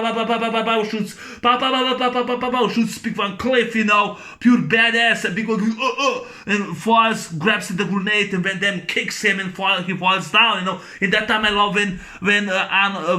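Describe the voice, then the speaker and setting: A man recapping an action movie in a casual, excited way, making gunshot sounds with his voice and talking haltingly with many fillers. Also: sits high. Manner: halting, full of fillers and restarts. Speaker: movie reviewer.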